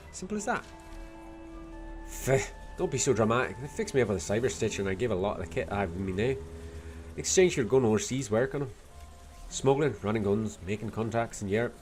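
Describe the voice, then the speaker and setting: A man voicing a tough, blunt Irish woman in a video game, with a put-on Dublin accent carrying a Scottish lilt and a rough, salty way of talking. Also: on the low side, darkish tone, lightly acted. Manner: gruff, salty, rough-spoken.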